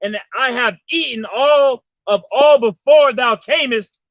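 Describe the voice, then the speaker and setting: A man with a very high and bright voice reads scripture aloud and names each verse number before he reads it. The sound is dry and dull, with no room echo. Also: a little slow. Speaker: scripture reader. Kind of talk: reading Bible verses aloud.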